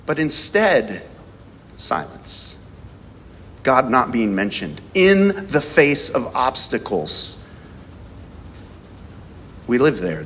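A man's voice: mid-range voice, fairly bright tone, in a large hall, slight background noise. A male pastor preaching a sermon, reading scripture aloud and asking the congregation rhetorical questions.

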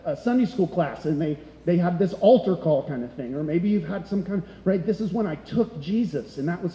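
A man's voice: a little high, dark tone, a little hiss or hum. A middle-aged man preaching a sermon as pastor, conversational and full of rhetorical questions. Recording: echoey hall.

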